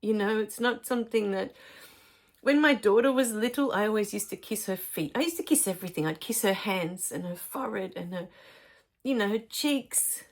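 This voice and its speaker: Middle-aged woman, gentle spiritual teacher, soft and emotional delivery with frequent fillers. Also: mid-range voice, animated, moderate pace. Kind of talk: personal spiritual storytelling.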